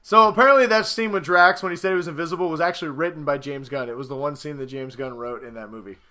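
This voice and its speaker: A man with a high, bright voice gushes through a casual movie review. He talks excitedly, swears freely and slips into quick impressions of characters. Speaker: podcast co-host.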